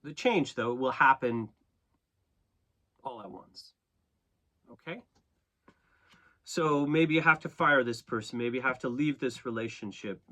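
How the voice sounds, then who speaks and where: A man's voice: mid-range voice, unhurried, pauses often, pushed and bright. A man giving a casual, conversational tarot reading, often checking in with "okay?" and "right?" and laughing at himself. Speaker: tarot reader and astrologer.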